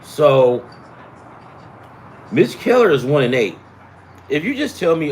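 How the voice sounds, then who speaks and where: A man's voice: on the high side, big pitch swings, takes it slowly, pauses often, a little hiss or hum. A man hosting a casual sports betting chat, rambling and profane, with self-deprecating asides. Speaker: sports betting picks host.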